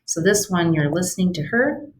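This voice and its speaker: A woman's voice: on the low side, lively intonation, moderate pace. A woman German teacher walking students through homework on a screen recording, chatty and patient, explaining step by step.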